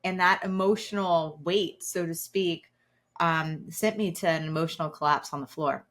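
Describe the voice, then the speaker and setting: Female guest, 40s, lower voice, animated storyteller, lots of "like" and "right.". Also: moderate pace. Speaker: guest, keynote speaker. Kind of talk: personal storytelling in interview.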